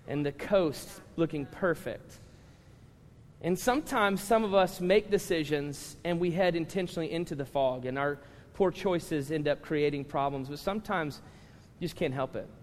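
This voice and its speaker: A male pastor preaches with lively, humorous storytelling and often turns to address the room. His voice sits high for a man. The live recording carries a long, ringing reverb from the church hall. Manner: animated storytelling with humor, talking to the congregation. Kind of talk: sermon. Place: large church hall with congregation.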